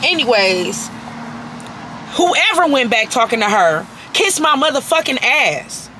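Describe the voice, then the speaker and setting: Angry woman vlogger, high bright voice, profane and emphatic, with faint noise behind. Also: very animated, a little slow. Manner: profane, emphatic, repeats herself for force. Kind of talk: angry personal rant to camera.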